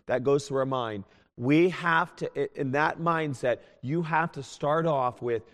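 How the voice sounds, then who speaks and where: A man preaching a sermon as a pastor, earnest and pleading, swinging from loud appeals to hushed tones. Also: on the high side, lively intonation, measured pace. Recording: long hall reverb.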